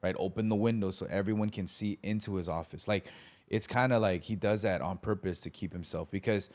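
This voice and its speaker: A lower-pitched man talking casually about faith and mentoring. He tells anecdotes with energy and briefly acts out the voices of other people in them. The delivery is conversational and unscripted. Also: fairly quick, a little mellow.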